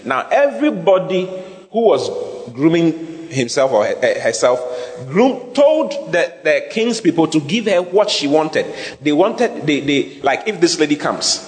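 A man preaching a sermon and teaching Bible words, speaking in an animated way, spelling out terms and laughing often. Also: fairly high pitch, a little slow, in a large hall.

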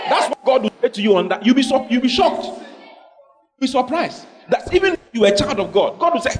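A man preaching a lively sermon as pastor to a congregation, acting out scenes and questioning listeners directly. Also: extremely high pitch, a little fast, a faint crowd. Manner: animated preaching, acting out God in a dramatic skit. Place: church hall with congregation.

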